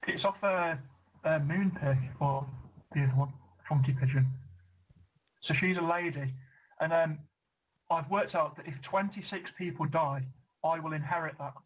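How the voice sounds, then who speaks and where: A man co-hosting a casual comedy podcast, telling rambling deadpan jokes with plenty of fillers. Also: on the high side, normal speed, rough recording. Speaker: podcast co-host.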